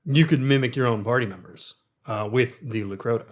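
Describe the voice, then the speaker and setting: Podcast co-host, man, deadpan humor, mid-pitched, casual delivery. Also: a little fast. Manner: dry, joking. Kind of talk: casual tabletop game chat.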